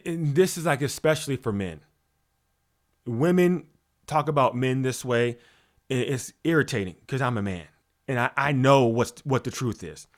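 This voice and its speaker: A man giving a motivational talk as a spiritual coach, preachy and full of rhetorical questions, restarting and repeating words as he goes. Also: medium pitch.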